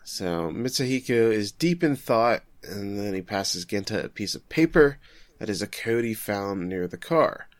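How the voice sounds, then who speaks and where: A man in his thirties co-hosting a casual podcast, retelling a story with animated quick acted-out quotes. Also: on the low side, no room sound. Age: 30s. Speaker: podcast co-host.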